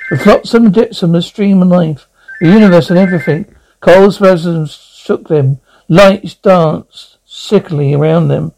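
A man's voice: fairly high pitch, vocal fry, warm tone, a little hiss or hum, poor audio. A man reading a novel aloud as narrator, often tripping over words and correcting himself. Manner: stumbling, corrects misreadings. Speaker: audiobook reader. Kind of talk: storybook narration.

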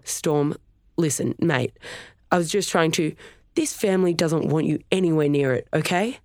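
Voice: mid-range voice, moderate pace, a little mellow, no echo, studio quality, lightly acted. A narrator voicing a tense, clipped young woman in an audiobook. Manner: clipped, snapping.

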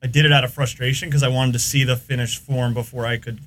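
A man's voice: medium pitch, little pitch movement, fast talker, a bit bright. A man with an American accent, a podcast guest, telling long rambling stories in casual chat. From United States. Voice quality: rambling, filler-heavy storytelling.

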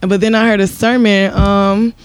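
A woman's voice: medium pitch, moderate pace, no echo. Woman guest chatting on a talk show, acts out what ppl said, super dry close sound. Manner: animated storyteller, acts out quotes. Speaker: podcast guest, married singer. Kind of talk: casual conversation.

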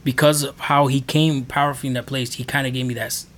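A man's voice: medium pitch, flat delivery, quick pace, fairly bright tone, a little hiss or hum. A man on a podcast telling his faith testimony in a casual, earnest, rambling way. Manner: earnest, rambling storytelling with many fillers. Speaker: podcast guest.

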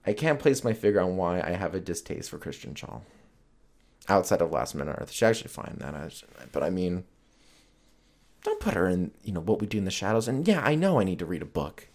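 Low-voiced man rambling on his podcast. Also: sing-song, brisk, a little mellow. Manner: rambling, profane, joking. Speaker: podcast host. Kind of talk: casual solo podcast chat.

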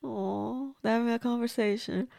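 A woman's voice: fairly high pitch, moderate pace, gravelly, dark tone, no room sound. A woman, host of a movie review show, chatting casually and exclaiming at the screen as she watches along.

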